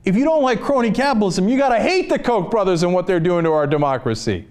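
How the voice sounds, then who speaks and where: A man's voice: sits high, very animated, quick pace, hardly any pauses, a little mellow. A man hosting a political commentary show, delivering an impassioned opinion monologue with sarcastic, fired-up ranting.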